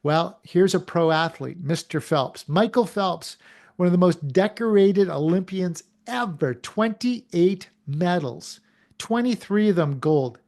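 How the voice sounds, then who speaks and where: A man giving an animated motivational talk as a show host, firing questions at his audience and acting out little quotes. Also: high-pitched, unhurried.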